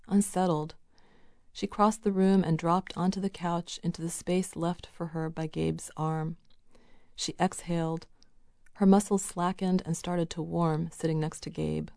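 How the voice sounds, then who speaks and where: A woman narrating a novel in a measured, even reading. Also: on the low side, no echo, clean studio sound. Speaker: audiobook narrator.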